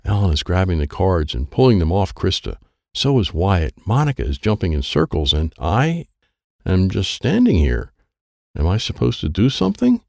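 A man's voice: deep voice, wildly swooping pitch, moderate pace, vocal fry, a little mellow, no echo, studio quality. A man reading a children's chapter book aloud in the first person. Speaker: storybook narrator.

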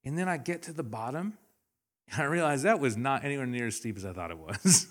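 Animated male pastor preaching. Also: medium pitch, a little fast. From Canada. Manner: animated storytelling with laughter and acted-out quotes. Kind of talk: sermon. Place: church hall.

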